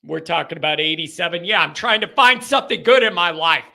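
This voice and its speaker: A man in his thirties hosting a call-in sports show, rambling through jokey rants and reading fan comments aloud, with sudden shouts. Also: fairly high pitch, animated, brisk, creaky.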